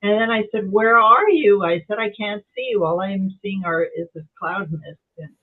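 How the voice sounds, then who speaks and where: A woman on a video call telling her experience in a meditation group, animated and acting out the voices she heard. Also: mid-range voice, moderate pace, slightly rough. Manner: animated storyteller, acts out quoted voices. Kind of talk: casual chat on Zoom. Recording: tinny phone-like call audio.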